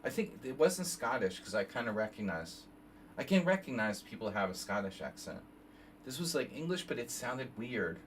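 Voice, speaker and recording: A man's voice: mid-range voice, very animated, moderate pace. A man in his fifties streaming casual chess analysis, rambling off on tangents while he reads moves aloud. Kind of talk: casual live game analysis. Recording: slightly distant mic, faint background noise.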